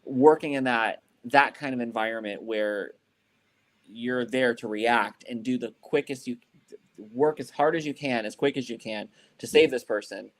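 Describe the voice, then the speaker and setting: A man's voice: mid-range voice, steady tone, moderate pace. A man on a podcast, telling a story in casual chat, rambling and swearing, with lots of "like" and "you know.". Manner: frequent fillers like "like" and "you know". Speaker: podcast co-host.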